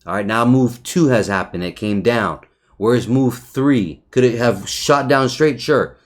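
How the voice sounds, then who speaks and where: A man's voice: medium pitch, a little slow. A man casually reviewing a trading chart, talking loosely, swearing often, restarting phrases and checking in with "right?". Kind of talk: casual market recap over a chart.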